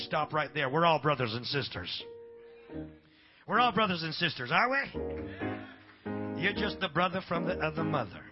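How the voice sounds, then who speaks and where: A man's voice: a little high, very animated, normal speed, long pauses, lo-fi sound, over music. A man preaching a live church sermon, with a rhythmic cadence and filler breaks between phrases. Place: church service.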